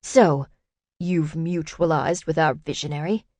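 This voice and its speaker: A woman's voice: deep voice, a little slow, darkish tone, no echo. A woman voicing a pompous, condescending older male council leader in an audiobook. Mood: indignant. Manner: condescending, bellowing.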